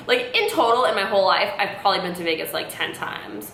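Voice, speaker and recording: A woman's voice: mid-range voice, normal speed, slight background noise. A woman in her late twenties telling a personal story to camera in a rambling, casual way, full of "like" fillers. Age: late 20s. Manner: rambling, many "like" fillers, animated retelling. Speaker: vlogger. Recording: roomy, echoey room.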